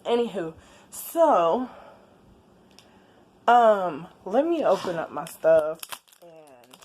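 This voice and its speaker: A woman, chatting casually in a late-night home vlog, laid-back with quiet asides. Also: on the low side. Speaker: vlogger. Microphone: camera on a stand.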